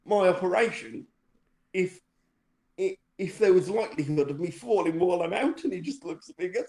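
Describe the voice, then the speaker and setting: A man telling a personal story in a relaxed, chatty way. He wanders with frequent "um"s and restarts and mocks himself with a dry wit. The recording is roomy, with noticeable echo. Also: high-pitched, moderate pace. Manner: rambling, lots of fillers and restarts, dry self-mocking humour. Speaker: podcast co-host telling a story. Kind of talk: casual anecdotal storytelling.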